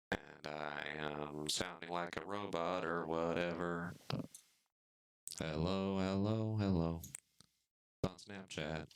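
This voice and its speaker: Deep-voiced man fumbling with his mic. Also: pushed and bright, smooth. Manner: laid-back, puzzled, testing his mic. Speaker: co-host of a let's play stream. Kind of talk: casual gaming chat.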